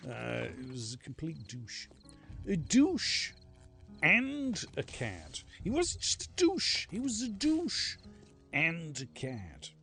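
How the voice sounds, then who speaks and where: With a mid-range voice touched by vocal fry, this streamer offers casual commentary on a survival game. He rambles through stories and swears without holding back.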